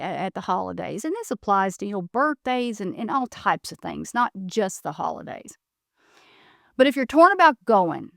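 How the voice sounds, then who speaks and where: A woman's voice: medium pitch, creaky, no echo, clean studio sound. A woman hosting a solo advice podcast, speaking directly and emphatically with blunt advice. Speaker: podcast host.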